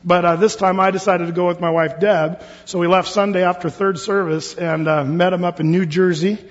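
A pastor from Oregon leading a Bible study in a church hall, talking casually with many fillers and restarts. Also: male voice, high-pitched, steady tone, brisk. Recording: dull lo-fi sound with long hall reverb.

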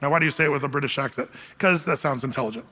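A man preaching a sermon as pastor, in a conversational, animated style with casual asides. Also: medium pitch, rapid-fire. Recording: long reverb of a large hall.

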